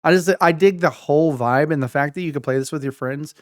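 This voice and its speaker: A man's voice: fairly high pitch, fast talker, no echo, clean studio sound. A young adult man hosting a casual gaming video, talking enthusiastically and rambling with frequent restarts. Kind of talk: casual game preview talk.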